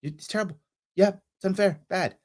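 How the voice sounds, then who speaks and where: A man's voice: high-pitched, moderate pace, darkish tone, pitched above the performer's own voice. A man acting out a female friend on the phone who agrees or reassures in short phrases. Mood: agreeing.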